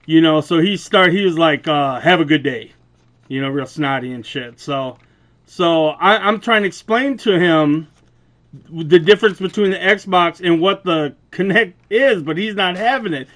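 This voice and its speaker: A young man with a loud, booming voice pitched a little high tells his story casually. His talk is animated and full of swearing, with laughs along the way. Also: unhurried. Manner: animated, profane, laughs through the retelling. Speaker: vlogger.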